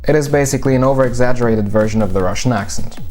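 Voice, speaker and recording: A man's voice: mid-range voice, very fast, darkish tone, soft background music. A man explaining how accents work in a casual, wry teaching style. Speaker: linguistics teacher. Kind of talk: explanatory video lesson.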